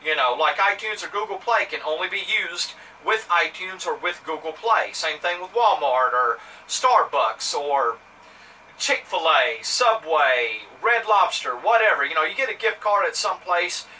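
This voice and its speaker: A vlogger from Mississippi with a Southern accent tells a story to camera in a rambling, indignant way, full of fillers and restarts. His fairly high, expressive voice has a sharp tone and a measured pace, recorded on a somewhat distant mic with faint ambient noise.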